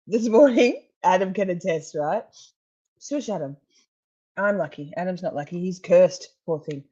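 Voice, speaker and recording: A true crime streamer chats casually over court footage on a live stream, rambling, laughing, and swearing freely. Her voice is fairly low, animated, and mellow at a normal speed, though the audio sounds dull.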